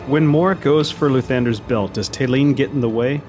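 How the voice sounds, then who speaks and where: A man's voice: medium pitch, moderate pace, a little mellow, soft background music. A man playing a tabletop role-playing game, describing his character's actions in a matter-of-fact, wry way. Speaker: player. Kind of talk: casual tabletop play.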